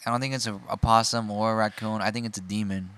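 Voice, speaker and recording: A man's voice: lowish voice, level tone, quick pace, a bit bright. A man co-hosting a podcast in casual chat, rambling and playful as he tells stories. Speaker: podcast co-host.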